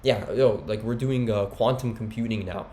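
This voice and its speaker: A man's voice: on the low side, moderate pace, dark tone, slight background noise. A man giving a heated one-take monologue, rambling and slangy with many restarts. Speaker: commentator.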